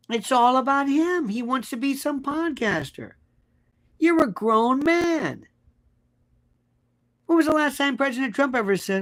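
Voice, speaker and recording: A man's voice: very high-pitched, very animated, measured pace, long pauses, a bit bright. A man hosting a livestream, reading out viewer comments and answering them in a blunt, combative way with lots of rhetorical questions. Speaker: host and legal commentator.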